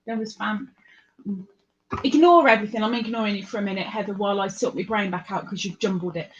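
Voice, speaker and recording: A woman's voice: medium pitch, fast, low-quality recording. A woman with an English accent chatting casually and playfully on a live stream. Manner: chatty, playful, jokes around.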